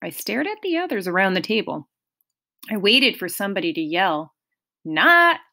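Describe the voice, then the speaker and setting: A woman narrating an audiobook in a measured storytelling manner. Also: mid-range voice, sing-song, creaky, bright, forceful tone.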